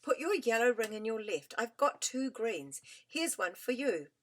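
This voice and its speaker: A woman's voice: fairly high pitch, a little slow, slight background noise. A woman voicing a curious, practical young boy who explains things eagerly, in a storybook reading. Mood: explaining. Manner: eager and explanatory, bursts of excitement.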